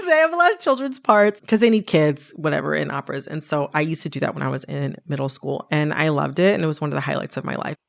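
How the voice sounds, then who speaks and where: Low, gravelly-voiced woman telling stories. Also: fast, few pauses. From Detroit area. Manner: animated storyteller, laughs often. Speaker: podcast co-host telling stories. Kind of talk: casual storytelling chat.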